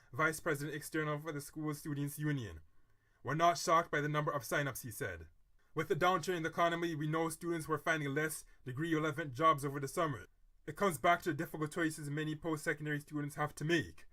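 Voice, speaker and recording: A man with a fairly high, bright and forceful voice reads an article aloud on his vlog. He breaks in with dramatic asides and earnest, moralizing commentary. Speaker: vlogger. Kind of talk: reading an article aloud, then personal commentary.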